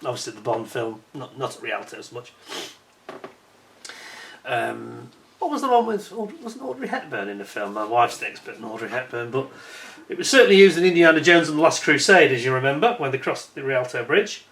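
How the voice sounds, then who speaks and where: A man's voice: mid-range voice, very animated, fairly quick, a bit bright. A man narrating his holiday footage as a travel vlogger, telling the story as an indignant, exasperated rant.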